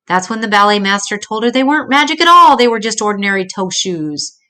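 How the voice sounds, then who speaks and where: A grandmotherly storyteller reads a children's picture book at a slightly fast clip, her voice mid-range. Her delivery is tender and expressive, though she trips over words a little.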